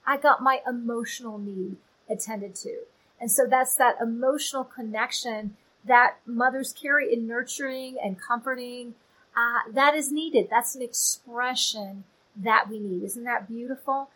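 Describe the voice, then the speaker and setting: A woman giving a casual, chatty Bible teaching, animated and playful with asides. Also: fairly high pitch, low-quality recording.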